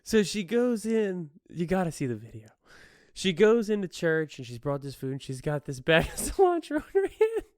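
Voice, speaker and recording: On his solo podcast, a man chats casually through a news story and laughs frequently. His high voice swoops wildly in pitch at a moderate pace, sounding slightly mellow and clean in a dry, clean studio recording.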